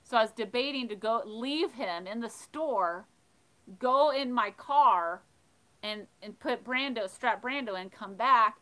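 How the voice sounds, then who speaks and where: A woman hosting a livestream, casually telling funny stories and reading chat, animated and laughing. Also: fairly high pitch, unhurried, rough recording. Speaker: livestream host of a thrifting channel. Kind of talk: casual storytelling while reading live chat.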